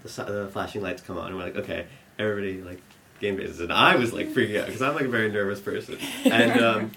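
A man's voice: lowish voice, fast talker, sharp tone, slight background noise. A young man telling a long funny story, rambling with many restarts and laughing at his own lines. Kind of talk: live storytelling.

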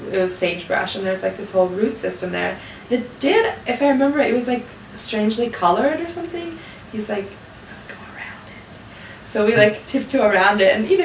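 A young adult woman telling a story in a casual, animated way, full of "like" fillers, acting out the people she quotes. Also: medium pitch, a little hiss or hum. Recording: echoey room, mic at a distance.

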